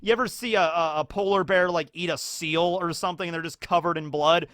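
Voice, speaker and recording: A man with a fairly high voice talks through a story in a loose, chatty way. He is full of "like" and "you know," and keeps jumping into lively acted-out bits. The sound is dry and close. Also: fairly quick, dry recording. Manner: animated, acts out scenes in character voices. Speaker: YouTube host. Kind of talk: casual anime discussion.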